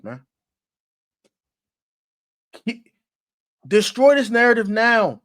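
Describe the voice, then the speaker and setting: Man, fairly high voice, casual sports rant, emphatic, repeats himself, slangy. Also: big pitch swings, takes it slowly. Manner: emphatic, repetitive, gets louder as he goes. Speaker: sports commentator.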